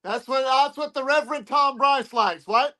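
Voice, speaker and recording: A man's voice: extremely high pitch, moderate pace, bright, forceful tone, poor audio. A man from Texas, a wrestling promotion owner talking cocky and brash, barking "What?" between his lines. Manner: cocky, interjects "What?" again and again.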